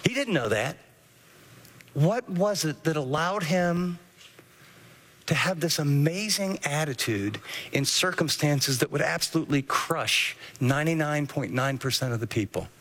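A man delivers an earnest sermon, teaching from scripture and telling listeners what to underline. His voice sits high and bright. A long reverb trails behind him, as in a large hall. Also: expressive, unhurried. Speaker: pastor.

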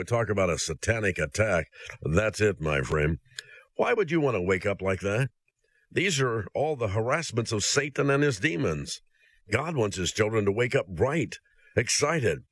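Earnest male preacher, low dry voice. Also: a bit bright, dry recording. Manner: earnest, direct address to the listener. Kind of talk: sermon.

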